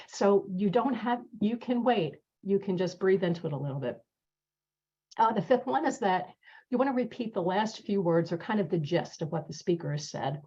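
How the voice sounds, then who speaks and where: Husky, low-set woman presenter, animated, laughs easily, muffled call audio. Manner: lively, laughs often, acts out example lines. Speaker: speaker on listening skills. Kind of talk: webinar talk.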